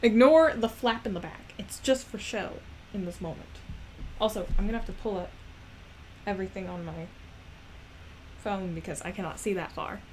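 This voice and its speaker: In a casual think-aloud session, an animation creator works on a character, rambling, using many fillers and poking fun at herself. Her medium-pitched voice is a little mellow and moves at a moderate pace with frequent pauses, and there's slight background noise.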